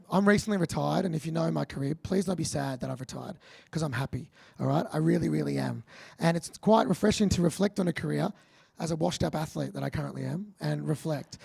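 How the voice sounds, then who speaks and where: A man with an Australian accent giving a motivational keynote speech to a large audience, energetic and punchy, joking with the crowd. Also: fairly high pitch, gravelly, breathy edge. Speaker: keynote speaker.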